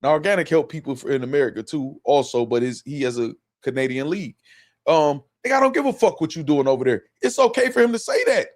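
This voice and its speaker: A man's voice: on the high side, fast talker. A man hosting a live stream, giving casual, profane commentary and repeating himself as he reacts to clips. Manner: animated, repetitive, profane, talks over clips. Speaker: livestream host.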